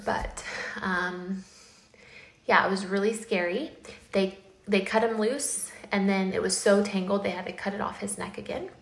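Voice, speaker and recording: Earnest woman telling a story, echoey room. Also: medium pitch. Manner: earnest, tearful at times, uses many fillers. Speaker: parent sharing a safety warning. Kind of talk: emotional personal storytelling to camera.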